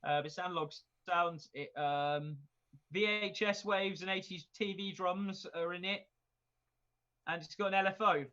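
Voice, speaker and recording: A man co-hosting a casual podcast, his voice bright and forceful, somewhat higher than most. He rambles, jokes and swears easily. The recording sounds dull and lo-fi. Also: steady tone, normal speed. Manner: joking, rambling, swears freely, laughs often. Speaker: podcast co-host. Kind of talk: casual chat.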